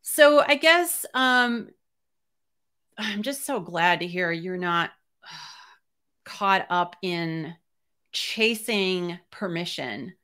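Woman host, bright clear tone, animated and talkative coach, casual interview. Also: lowish voice, very slow, pauses often. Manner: lively, talkative, laughs often. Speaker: art business coach and host.

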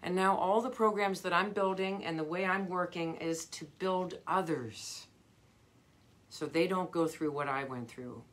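A woman's voice: lowish voice, measured pace, a bit bright. A middle-aged woman vocal coach giving a live motivational talk, earnest and emphatic, repeating her key phrases.

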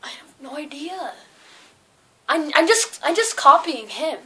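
A woman chatting casually and playfully during a vlog game, teasing and quick to laugh. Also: high-pitched, sing-song, bright, forceful tone. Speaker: vlogger playing an accent guessing game.

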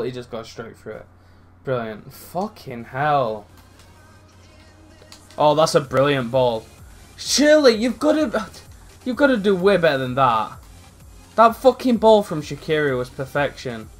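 A young man commentating on his own football video game match, sweary and excitable, swinging from low mutters to loud outbursts. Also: measured pace, faint music behind. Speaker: gaming YouTuber.

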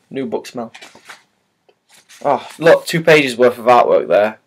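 A man rambles through a casual book unboxing, stumbling over his words and filling pauses with ums and uhs. His pitch sits at an ordinary middle level for a man. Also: expressive, breathy edge. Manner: rambling, hesitant, many fillers and restarts. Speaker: vlogger.

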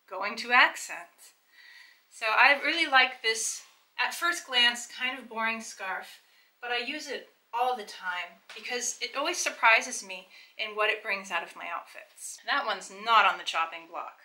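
A woman with a very bright, fairly high voice hosts a casual try-on video. She talks to the viewer in a chatty, enthusiastic way, explaining as she goes. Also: poor audio. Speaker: fashion vlogger. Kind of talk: casual try-on vlog to camera.

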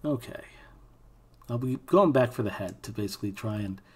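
A young man with a slightly husky voice talks through a software tutorial as he works. His delivery is relaxed and informal, with offhand asides while keys click and a mouse taps in the background. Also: medium pitch, moderate pace. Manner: thinking aloud while working, casual asides. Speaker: animation instructor. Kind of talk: screen-recorded software tutorial.

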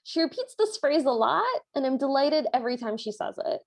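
A woman co-hosting a podcast, recapping a film in casual chat, delighted and animated. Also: high-pitched, fairly quick, no echo. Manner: animated, delighted, acts out characters' lines. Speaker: podcast co-host.

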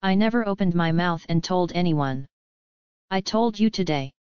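A woman's voice: lowish voice, lively intonation, moderate pace, darkish tone, clean tone, no echo, lo-fi sound, lightly acted. A woman reading the part of a brooding young male prince in an audiobook, in an impassioned, bitter manner. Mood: anguished.

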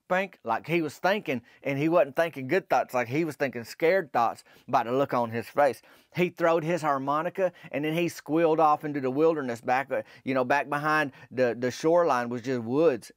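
A middle-aged man with a rural Southern drawl tells a long, meandering story in an unhurried, deadpan way. His voice sits in an ordinary middle register. The recording is dry and close, with no room sound. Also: medium pitch, dry recording. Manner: slow, rambling and drawling, with rural dialect. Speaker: podcast host.

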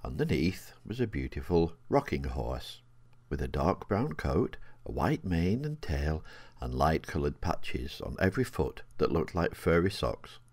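An older man reading his own children's story aloud in a gentle, expressive way. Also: rumbling low, unhurried, no room sound.

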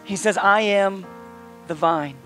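High-voiced man preaching a sermon. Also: slow pace, a bit bright, soft background music. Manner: conversational, emphatic preaching with rhetorical questions. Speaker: pastor.

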